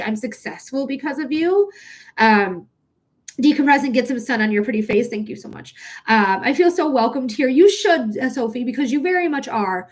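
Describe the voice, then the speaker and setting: A woman's voice: sits high, lively intonation, moderate pace. A woman reading tarot on a live stream, emotional and close to tears, gushing thanks to viewers and cursing casually. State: tearful.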